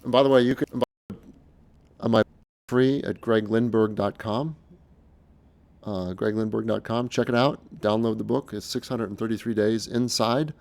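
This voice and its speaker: A middle-aged man talking in a casual, unscripted monologue, earnest and halting, often restarting his sentences. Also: lowish voice, fairly even intonation, vocal fry, darkish tone. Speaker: speaker recounting his experiences.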